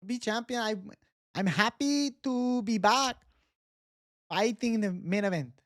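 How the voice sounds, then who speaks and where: A man voicing a cocky young male fighter who declares he will be champion in a slow, emphatic way. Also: high voice, fairly bright tone, no room sound, clean studio sound, voice pushed up. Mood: boastful.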